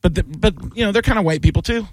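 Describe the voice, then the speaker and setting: A man's voice: rapid-fire, no echo, clean studio sound. A man hosting a casual radio talk show, teasing and joking with his co-hosts. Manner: joking, teasing, loud swings in pitch.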